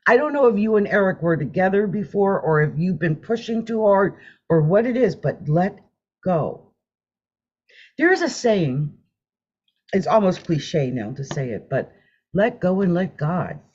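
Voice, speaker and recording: A woman with a fairly low voice and a breathy edge reads tarot on a live stream. She is chatty and animated, laughs often and hums while drawing cards. The sound quality is dull and lo-fi.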